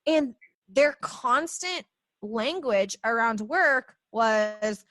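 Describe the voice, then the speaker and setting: A bubbly young adult woman hosting a podcast, telling stories in a lively, animated way in casual chat. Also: high voice, moderate pace, no echo.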